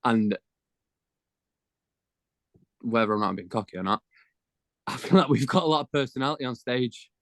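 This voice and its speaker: A man's voice: mid-range voice, animated, normal speed, pauses often, no echo. A teenage man, a band member telling stories in slangy, casual chat. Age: teens. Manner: chatty storyteller, slangy.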